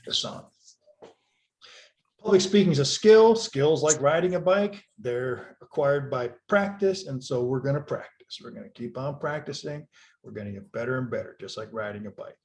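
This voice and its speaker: A middle-aged man teaching a public speaking class over a video call, animated and conversational, with frequent restarts. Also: mid-range voice, normal speed. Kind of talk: online class lecture.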